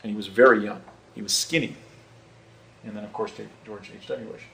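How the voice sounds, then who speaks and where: Halting middle-aged man telling a story. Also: on the low side, steady tone, a bit bright, low-quality recording. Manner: halting, repeats words, fillers. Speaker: eyewitness telling his story. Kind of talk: casual spoken storytelling.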